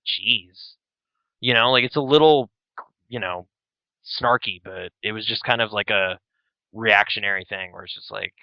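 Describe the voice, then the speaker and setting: A man co-hosts a podcast in loose casual chat, rambling and grumbling with a mock-grouchy edge. His voice is smooth and clear. The sound is dry and slightly dull. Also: mid-range voice, animated, normal speed, pauses often, no room sound. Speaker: podcast co-host.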